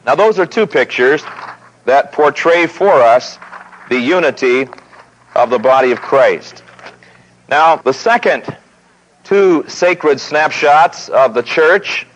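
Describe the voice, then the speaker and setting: Guy preaching, bright kinda tense voice, slightly high, old radio broadcast sound. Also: lively intonation, takes it slowly, low-quality recording. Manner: storytelling, rising pitch as the story builds. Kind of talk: sermon.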